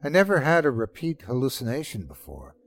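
A man voicing a shaken young man haunted by hallucinations, talking softly and stammering. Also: mid-range voice, huge pitch swings, brisk. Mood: pleading. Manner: stammering, soft and shaky.

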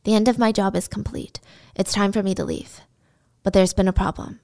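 A woman doing a soothing hushed kidnapper man. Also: mid-range voice, fairly even intonation, fairly quick, gravelly, close to an everyday voice. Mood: calm. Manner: hushed, soothing, near whisper. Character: soft-spoken calm male kidnapper.

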